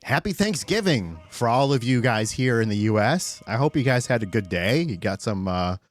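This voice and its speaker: A man streaming live, chatting casually and excitably with his chat, swearing often and greeting viewers by name. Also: mid-range voice, moderate pace.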